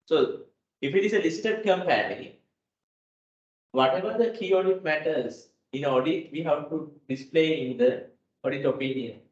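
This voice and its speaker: A man from Sri Lanka with a slightly high voice gives an accounting lecture at a moderate pace, repeating key points and checking in with "right?". The audio, taken from a distance in a lecture hall, sounds dull and echoey.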